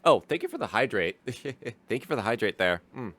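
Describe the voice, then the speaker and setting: A man's voice: medium pitch, big pitch swings, normal speed, a bit bright, no room sound. A man casually commenting as a streamer, rambling with lots of fillers and restarts and laughing easily. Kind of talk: casual live watch-along commentary.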